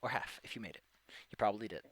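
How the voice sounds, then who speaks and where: A man's voice: lowish voice, very fast, a bit bright, breathy edge, no echo. A man acting as game master, running a tabletop game with playful rules asides.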